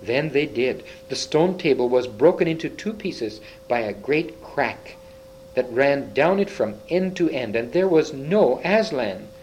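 A man's voice: medium pitch, lively intonation, unhurried, darkish tone, muffled recording, slight background noise. A man reading a children's fantasy book aloud, with small slips and restarts. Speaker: reader.

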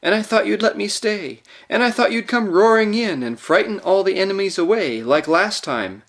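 A man's voice: a little high, big pitch swings, moderate pace, breathy edge, voice pushed up, exaggerated voice. A man reading aloud and voicing an earnest young girl who pleads and urges. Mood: pleading.

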